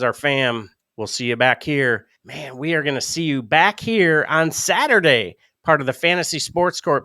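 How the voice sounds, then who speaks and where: Bright, crisp-voiced podcast co-host man. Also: mid-range voice, no echo. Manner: storytelling, animated and laughing. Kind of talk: casual chat.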